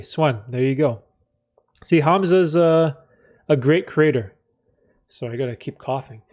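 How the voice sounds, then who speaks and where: A man hosting a live stream, chatting candidly in a rambling, reflective way with many fillers, often clearing his throat. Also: mid-range voice, darkish tone. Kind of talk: casual live stream chat, reading chat.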